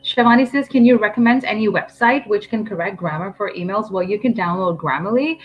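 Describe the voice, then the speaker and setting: A woman's voice: mid-range voice, a little fast, lo-fi sound, a little hiss or hum. A woman teaching English on a live stream, chatty and firm, reading out viewer comments with lots of ums.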